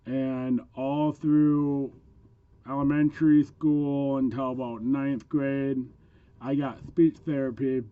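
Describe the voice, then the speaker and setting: Casual reseller vlogger, a man with hard-of-hearing speech and a cold, unhurried and dry-miked. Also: mid-range voice, little pitch movement, clear, resonant tone, dry recording, narrow, tinny audio. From Minnesota, USA. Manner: chatty, with frequent ums and small laughs. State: voice rough from a cold. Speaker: eBay reseller. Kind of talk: casual sales vlog.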